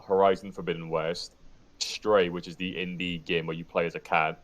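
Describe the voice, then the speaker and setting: Man, very low voice, relaxed rambling podcast chat, lists details. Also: moderate pace.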